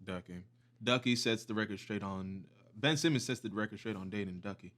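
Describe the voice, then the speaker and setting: A young man co-hosting a podcast, relaxed and chiming in with eager agreement. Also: lowish voice, fairly quick. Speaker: podcast co-host. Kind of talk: casual chat.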